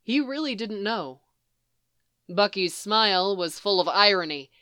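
Woman narrator, story reading, smooth clear voice, dry close sound. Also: medium pitch, animated, unhurried, sharp tone, dry recording. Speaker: reader. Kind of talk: reading fan fiction aloud.

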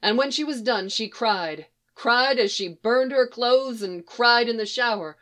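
A woman reading a story aloud in a measured, somber narration. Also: a little high, fairly bright tone. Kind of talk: audiobook narration.

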